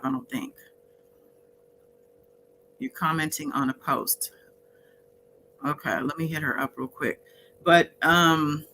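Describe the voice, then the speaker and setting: A woman's voice: lowish voice, pushed and bright, slight background noise, poor audio. A woman hosting a casual livestream, chatting with viewers in the chat by name. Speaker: livestream host.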